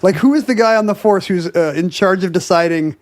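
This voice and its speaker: A man co-hosting a comedic podcast, chiming in with quick wisecracks and questions. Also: high voice, no echo, clean studio sound. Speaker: podcast co-host. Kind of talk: casual comedic podcast chat.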